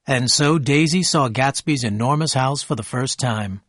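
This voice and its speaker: Man reading a story aloud for learners, slow and clear, mid voice, dry close sound. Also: medium pitch, fairly bright tone, dry recording. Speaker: story narrator. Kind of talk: slow scripted narration for learners.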